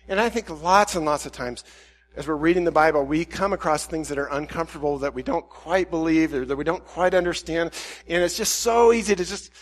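A man's voice: fairly high pitch, a little fast. A man preaching a candid, self-questioning sermon and voicing his own inner dialogue. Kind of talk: reflective sermon.

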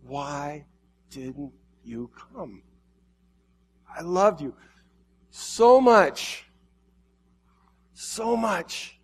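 A man's voice: mid-range voice, animated, slow, pauses often, slightly rough. Give me a preacher playing a tender, heartbroken god pleading with his people. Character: grieving loving male god addressing humanity.

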